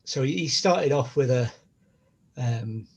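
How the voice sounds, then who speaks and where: A man's voice: medium pitch, expressive, takes it slowly, gravelly, darkish tone, breathy edge. A middle-aged man, chatting casually and telling rambling stories. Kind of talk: casual chat.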